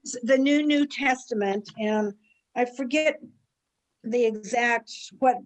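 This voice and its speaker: Study group member, female, slightly high voice, casual and searching. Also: unhurried, low-quality recording. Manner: searching, conversational, trails off.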